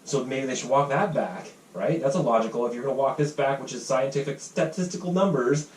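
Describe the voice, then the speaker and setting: A man hosting a casual podcast, telling a heated story fast, quoting others and swearing freely. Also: mid-range voice, darkish tone, a little hiss or hum. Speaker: podcast host. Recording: roomy, distant mic with faint ambience.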